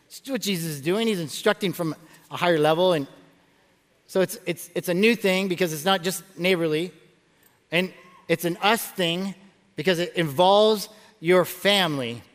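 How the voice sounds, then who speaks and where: High-voiced pastor preaching in a reverberant hall. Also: male voice. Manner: animated storytelling with frequent stammered restarts and jokes. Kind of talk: sermon. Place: large church auditorium. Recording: long reverb of a large hall.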